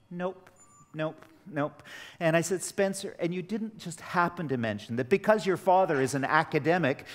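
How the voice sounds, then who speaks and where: A middle-aged man giving a workshop to teachers, telling stories with lively acted dialogue. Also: medium pitch. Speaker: teacher trainer. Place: training hall. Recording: echoey hall with long reverb.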